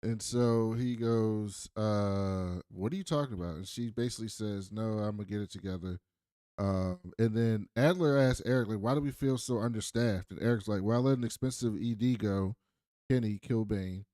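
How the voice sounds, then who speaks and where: A lowish-voiced man talking at normal speed retells TV scenes on the casual recap podcast he co-hosts, acting out each character's lines with animated energy. The audio is dry with clean studio sound.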